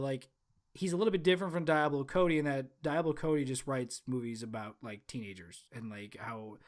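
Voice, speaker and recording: Rambling man on a movie podcast. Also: medium pitch. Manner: rambling, many fillers and restarts. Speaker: podcast co-host. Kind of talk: casual podcast chat.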